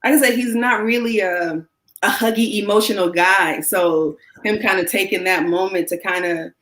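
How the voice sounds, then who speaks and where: A woman's voice: mid-range voice, moderate pace, rough recording. A woman guest telling a personal story in a frank, chatty way, acting out the people she quotes. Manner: animated, acts out quoted voices; frank, chatty, self-deprecating. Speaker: interview guest. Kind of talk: casual storytelling.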